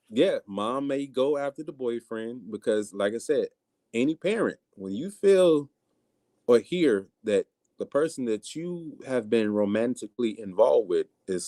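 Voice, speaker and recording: A man's voice: mid-range voice, no room sound. A man hosting a casual livestream, talking bluntly and with animation, acting out the things people say. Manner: animated, blunt, acts out quotes. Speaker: livestream host. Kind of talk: casual live-stream commentary.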